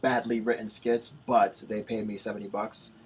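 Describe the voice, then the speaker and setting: A man's voice: fairly low pitch, level tone, a little hiss or hum. A young man hosting a casual late-night college radio chat, rambling and restarting his sentences often. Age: young adult. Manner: rambling, halting, many restarts.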